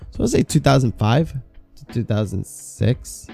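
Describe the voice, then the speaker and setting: A man's voice: mid-range voice, expressive, moderate pace, vocal fry, mellow, faint music behind. A man in his thirties, a podcast co-host, telling stories about old jobs in casual chat, swearing freely. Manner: swearing, storytelling with quoted asides.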